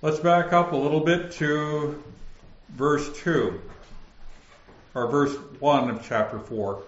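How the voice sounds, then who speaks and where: A Bible teacher with a northern Minnesota accent gives relaxed scripture teaching at an unhurried, deliberate pace, his voice on the high side. His delivery is flat, so even his questions sound like statements, and the roomy space makes the audio slightly dull.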